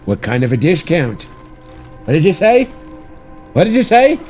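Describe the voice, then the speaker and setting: A man's voice: fairly high pitch, very animated, moderate pace, a little mellow, soft background music, voice pushed up. A man voicing a cranky, hard-of-hearing old man who keeps asking people to repeat themselves. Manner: cranky, feigning deafness.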